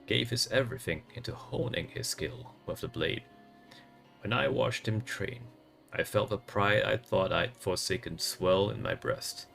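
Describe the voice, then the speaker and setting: A man's voice: creaky, fairly bright tone, full character voice. A man putting on a grave old samurai father. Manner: grave old man voice with sudden high strained cries. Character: older male retired samurai, proud, grieving father. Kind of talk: reading game dialogue aloud in character.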